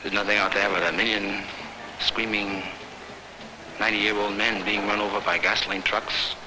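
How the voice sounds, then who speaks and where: A man's voice: on the low side, little pitch movement, normal speed, background noise. A man narrating in a rambling, improvised, free-associating way with a loose rhythm.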